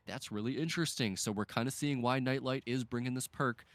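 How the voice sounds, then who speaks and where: A man calling live esports play-by-play, fluent and building excitement on big plays. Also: mid-range voice, fairly quick, hardly any pauses, a little hiss or hum.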